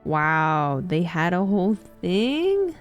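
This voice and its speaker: A woman's voice: lowish voice, very animated, slow pace, soft background music. A young woman casually commenting on a game she plays, laughing and swearing, and reading in-game letters aloud. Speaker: streamer playing a game.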